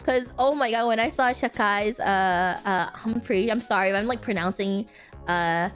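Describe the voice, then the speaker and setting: A woman's voice: mid-range voice, unhurried, fairly bright tone, faint music behind. A woman chatting casually as a streamer, rambling with lots of fillers and restarts, giggling often and apologizing for mispronouncing names. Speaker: streamer answering viewer questions. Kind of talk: casual chat.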